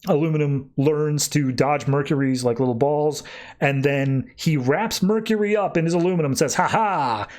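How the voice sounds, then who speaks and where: This podcast host's voice is a little high and a little mellow. He goes over a comic book issue casually, talking in fast bursts and using many fillers.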